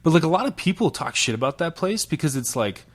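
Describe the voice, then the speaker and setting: A man's voice: fairly high pitch, quick pace. Laid-back man telling chef stories. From Salt Lake City, Utah. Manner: relaxed storytelling, many fillers, laughs and swears. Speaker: chef, podcast guest. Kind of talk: casual interview chat.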